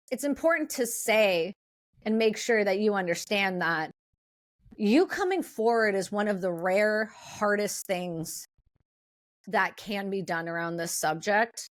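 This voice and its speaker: A woman hosting a sit-down interview, speaking bluntly and fast with strong opinions. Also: medium pitch. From Canada. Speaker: host.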